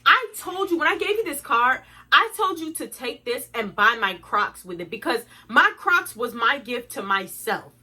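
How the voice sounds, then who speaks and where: Bright, blunt young woman ranting. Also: high-pitched, big pitch swings, normal speed, hardly any pauses, breathy edge. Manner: blunt, profane and indignant, addressing viewers as y'all. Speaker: vlogger. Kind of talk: storytime rant.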